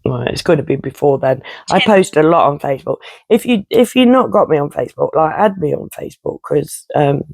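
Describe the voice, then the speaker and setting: A woman's voice: low voice, lively intonation, brisk, vocal fry, hardly any pauses, darkish tone, no echo. A woman, ranting bluntly and chattily to her viewers, swearing and laughing as she goes. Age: 50s. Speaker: vlogger. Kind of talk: casual rant to camera.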